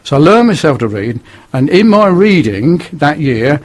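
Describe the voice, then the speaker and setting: A man's voice: on the high side, big pitch swings, moderate pace. An older man with a northern English accent, telling his life story bluntly and earnestly as a radio guest. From northern England. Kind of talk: testimony on radio.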